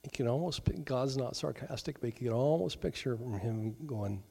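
A middle-aged male pastor preaching a sermon in a conversational way, with joking asides and quick acted-out voices. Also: mid-range voice, creaky, warm tone, husky.

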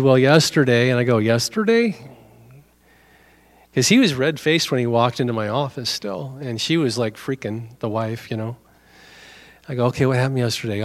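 A middle-aged male pastor giving a conversational sermon, telling a story and acting out both sides of the dialogue. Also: medium pitch.

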